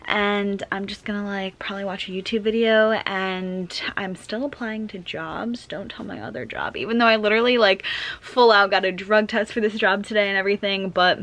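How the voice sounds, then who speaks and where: A woman's voice: medium pitch, fairly even intonation, normal speed, fairly bright tone. A woman in her twenties chatting casually in a day-in-my-life vlog, rambling with lots of "like" fillers and sounding a little out of breath, filmed in her kitchen at home. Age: 20s. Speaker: vlogger.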